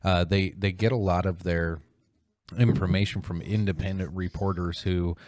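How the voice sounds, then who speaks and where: A man's voice: steady tone, normal speed, a little mellow, no room sound, studio quality. A man hosting a casual podcast, ranting about politics with plenty of swearing and mocking impressions. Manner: profane, heated, mocking mimicry in high voice. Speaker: podcast host.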